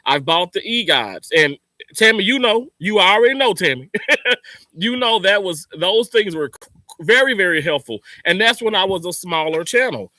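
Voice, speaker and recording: A man's voice: high voice, expressive, moderate pace, bright, forceful tone, dry recording. A man hosting his channel in casual live talk to viewers, emphatic and motivational, repeating his points. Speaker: channel host.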